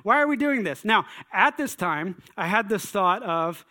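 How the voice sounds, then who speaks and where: Animated, bright-voiced man telling a story. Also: sits high, measured pace. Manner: animated, exclaiming, acts out his own past thoughts. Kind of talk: personal testimony story.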